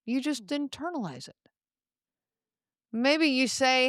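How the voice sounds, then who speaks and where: A woman hosting a solo podcast, speaking in a calm, reflective way and addressing the listener directly. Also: fairly high pitch, unhurried, dry recording, clean studio sound. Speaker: podcast host.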